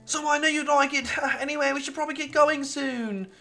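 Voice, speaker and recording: A woman voicing a cheerful young schoolgirl from a visual novel, in a bright, bubbly, sing-song way. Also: sits high, fairly even intonation, a little fast, creaky, faint music behind, voice pushed up, exaggerated voice. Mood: chirpy.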